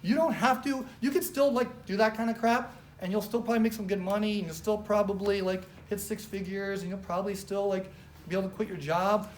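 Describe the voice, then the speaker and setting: Woman, office trainer, casual pep-talk style, animated and chatty, roomy live room. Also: mid-range voice, brisk, slight background noise. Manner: animated, chatty, heavy use of "like", acts out quotes.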